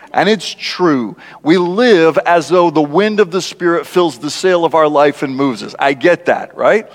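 Man, guest preacher, high-pitched, conversational sermon, acts out quotes, long church-hall reverb. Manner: conversational, animated, laughs often, acts out quotes. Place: large church.

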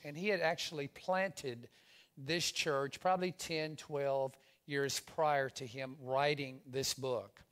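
A male pastor preaching a sermon to his congregation, lively, with call-and-response phrases for the room to repeat. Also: a little high. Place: church in front of a congregation.

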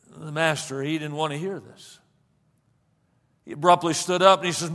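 A man preaching, telling a story dramatically, swinging between loud passages and hushed ones, recorded with a long hall reverb. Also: fairly high pitch, moderate pace, pauses often. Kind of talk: sermon storytelling.

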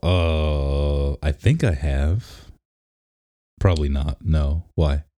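A man's voice: extremely low pitch, fairly even intonation, slow pace, warm tone. A man co-hosting a podcast in casual chat, playful and joking, sometimes breaking into short sung bits. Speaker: podcast co-host.

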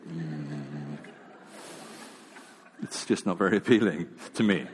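A man's voice: lowish voice, expressive, normal speed, a little hiss or hum. A man preaching a sermon in a casual, self-deprecating manner, with many fillers and restarts. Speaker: pastor. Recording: long reverb of a large hall.

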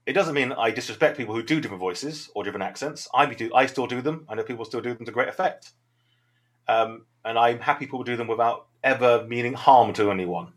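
A man's voice: medium pitch, fast, a bit bright. A man with a Southern English accent, an improv teacher talking through his thoughts in a reflective, rambling interview answer.

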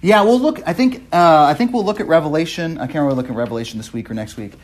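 Breathy man teaching a Bible class. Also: a little high, expressive, rapid-fire. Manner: repeats words often, asks the group questions. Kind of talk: classroom Bible study lesson.

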